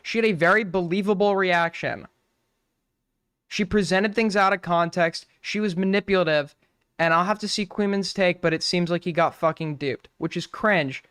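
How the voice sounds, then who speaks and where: A male streamer with a high, crisp voice rambles through crude, irreverent commentary. The sound is dry and close. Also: moderate pace, a bit bright, no echo. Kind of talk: casual live-stream commentary.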